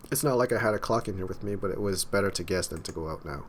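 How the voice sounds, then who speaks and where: Deep-voiced man reading game text. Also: fast talker, a little hiss or hum. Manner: wry asides between dramatic narration. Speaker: game streamer. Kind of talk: reading game text aloud with casual commentary.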